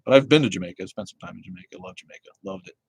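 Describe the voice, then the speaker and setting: A man's voice: deep voice, racing, a little mellow, slightly rough, no room sound. A man from Connecticut hosting a live stream, ranting and chatting with viewers in a profane, heated way. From Connecticut, USA. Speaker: livestream host. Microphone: phone.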